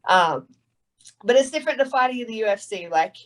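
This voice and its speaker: A woman's voice: a little high, lively intonation, fairly quick, poor audio. An Australian woman in her thirties chatting casually in an interview, swearing freely and laughing easily. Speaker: guest fighter.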